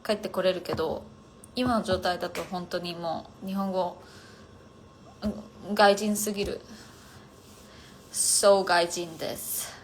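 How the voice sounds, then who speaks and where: A woman's voice: on the low side, fairly even intonation, normal speed, long pauses, a little hiss or hum. Rambling young woman on a phone livestream. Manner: rambling, filler-heavy, often trailing off quietly. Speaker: livestreamer chatting with viewers. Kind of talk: casual chat.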